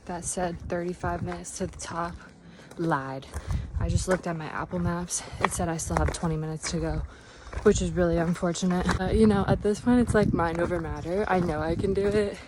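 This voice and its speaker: A woman's voice: on the low side, steady tone, normal speed, very noisy. A young woman vlogging outdoors as she hikes a mountain trail, chatty and upbeat, out of breath. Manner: chatty and upbeat, talking to camera on the move. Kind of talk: casual vlog narration while hiking. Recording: music bed under the voice.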